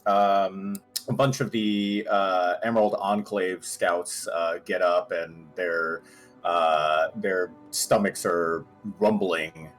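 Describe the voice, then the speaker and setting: A man runs a tabletop game as the game master. His voice sits low and he talks slowly, stalling on plenty of "uh"s and laughs. Soft music plays underneath. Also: steady tone. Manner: laughing, hesitant with many fillers.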